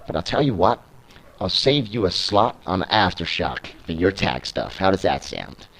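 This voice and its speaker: A man's voice: deep voice, very animated, moderate pace, a bit bright, full character voice, rough recording. Curt company owner, read by a British man. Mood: impatient. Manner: curt, impatient. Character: stern male wrestling company owner.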